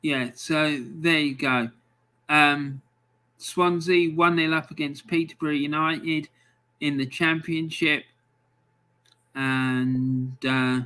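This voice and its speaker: A man's voice: on the high side, fairly even intonation, slow pace, bright, forceful tone. An Englishman hosting a live football score stream, chatting casually and reading out fixtures with frequent ums.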